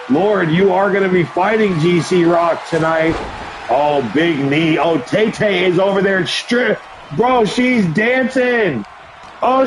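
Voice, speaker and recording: A man hosting a live stream, calling play-by-play for a wrestling video game in an excitable, often shouting way, with chatty asides to viewers. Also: high-pitched, slight background noise, rough recording. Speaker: livestream host and commentator.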